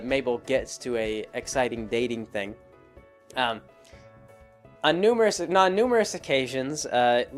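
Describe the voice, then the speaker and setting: A man talking casually as a show host, at an ordinary middle pitch. He rambles, circling back with lots of fillers and restarted sentences. Faint music sits softly behind his voice. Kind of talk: casual spoken commentary.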